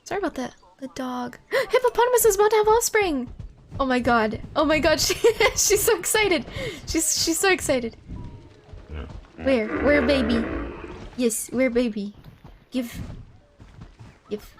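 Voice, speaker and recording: Over background noise, a woman with a very high, very animated voice streams a game live at a moderate pace. She chats casually while playing, giggling and gushing over cute things, easily delighted, and thanks viewers by name.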